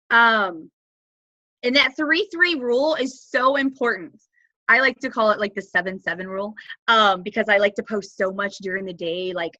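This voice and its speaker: A woman talking through a casual team training, bubbly and animated, acting out chats in high voices. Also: dry recording, low-quality recording. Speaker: network marketing team member.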